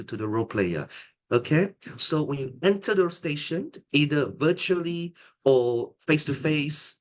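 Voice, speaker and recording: A middle-aged man with a medium-pitched voice teaches an online exam-preparation lecture as a tutor and examiner. He is calm and deliberate and often restarts his phrases.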